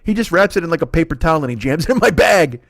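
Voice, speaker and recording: A man in his forties hosting a comedy podcast, telling a story in a profane, animated, exaggerating way. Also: a little high, racing, dry recording, clean studio sound. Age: 40s.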